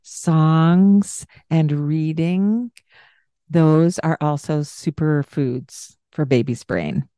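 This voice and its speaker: A woman hosting a parenting chat, calmly explaining and now and then slipping into high sing-song baby talk. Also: very slow, no room sound, clean studio sound. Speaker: parenting podcast host.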